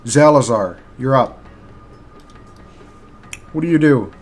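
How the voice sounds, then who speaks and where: A man narrating as game master for a live tabletop game, halting and filler-heavy as he describes the action. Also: medium pitch, animated, a little hiss or hum. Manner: halting, with many fillers and restarts. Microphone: streaming mic.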